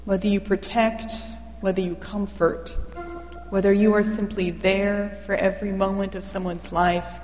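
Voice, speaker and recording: A woman reading a Christmas hymn story aloud in a slow, gentle, devotional way. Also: mid-range voice. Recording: long hall reverb.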